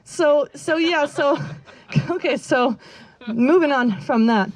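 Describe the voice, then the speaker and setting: A woman's voice: high voice, takes it slowly. Rambling, giggly woman doing stand-up. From Northern California. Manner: rambling, self-deprecating, lots of fillers and laughs. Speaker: stand-up comedian. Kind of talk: stand-up comedy set. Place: outdoor backyard comedy show.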